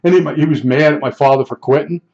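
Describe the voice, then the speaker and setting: A man's voice: fairly high pitch, fast, a little mellow. Older man telling rambling stories, lo-fi. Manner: rambling, chatty, with fillers and restarts. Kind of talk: casual storytelling. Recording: dull lo-fi recording.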